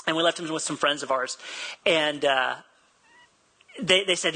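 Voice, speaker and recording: A man's voice: fairly high pitch, moderate pace, pauses often, pushed and bright, low-quality recording. A man preaching a sermon, telling a personal story in a chatty, self-deprecating way and laughing easily. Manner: acts out quoted dialogue. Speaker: pastor.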